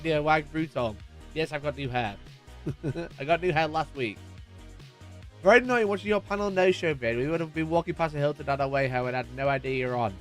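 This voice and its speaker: A man hosting a live stream, chatting casually and jokingly greeting viewers by name as he reads their messages. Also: high-pitched. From United Kingdom.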